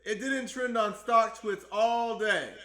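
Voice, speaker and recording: A man hosting a stock trading video in an excited, exuberant, playful monologue, whooping often. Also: sits high, takes it slowly, roomy sound, noisy background.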